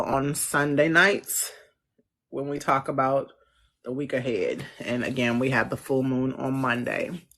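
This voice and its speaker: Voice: mid-range voice, a bit bright. A chatty astrologer hosting a casual live stream, answering viewer comments with loose, slangy talk and frequent laughs. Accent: Central US. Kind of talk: casual livestream chat.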